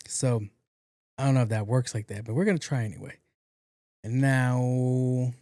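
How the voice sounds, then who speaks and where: A man's voice: mid-range voice, moderate pace, long pauses, dry recording, clean studio sound. Profane man telling a story. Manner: animated, profane, acts out quotes. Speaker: podcast host. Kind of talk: casual storytelling monologue.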